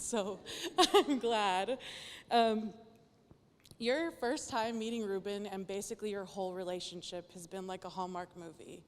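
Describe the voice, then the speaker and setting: A nervous woman in her thirties gives a maid of honor toast, her voice shaky with emotion. She mixes jokes and laughter into it, and a long hall reverb trails her words. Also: mid-range voice. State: nervous and teary. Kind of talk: emotional rehearsal dinner toast. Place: dinner hall.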